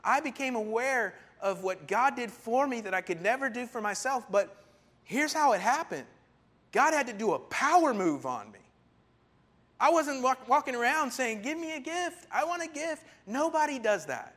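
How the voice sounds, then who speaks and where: A man preaching with a high, lifted voice that rises and falls as he presses a point. He talks animatedly and with emphasis, slipping into quoted lines with extra punch. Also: big pitch swings, normal speed, a bit bright. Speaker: pastor. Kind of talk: sermon.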